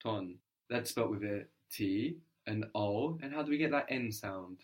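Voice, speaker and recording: A man's voice: fairly low pitch, moderate pace. A man teaching a spoken language lesson, patiently prompting his student and repeating the answers back.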